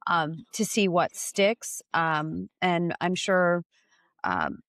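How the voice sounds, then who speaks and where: A woman giving casual podcast commentary in a measured way, often pausing on "um". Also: low-pitched, gravelly, a bit bright, dry recording. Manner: measured, with frequent "um" and laughter.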